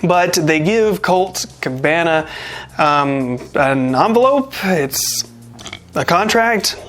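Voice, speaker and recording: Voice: medium pitch, animated, slow pace, fairly bright tone, soft background music. A wrestling show reviewer giving a casual, rambling spoken recap, full of wry, self-deprecating jokes and asides. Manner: rambling and chatty, with jokey asides.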